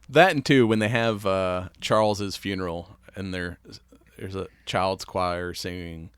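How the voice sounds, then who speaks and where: A man's voice: low-pitched, slow pace, smooth, no echo. Laughing, swearing male podcast host. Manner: rambling, laughs often, swears freely. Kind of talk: casual chat.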